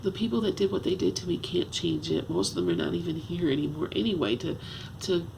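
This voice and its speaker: A woman in her fifties talking at home in a confessional vlog, halting and earnest, restarting often as she searches for words. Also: lowish voice, animated, gravelly, background noise. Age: 50s. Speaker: vlogger.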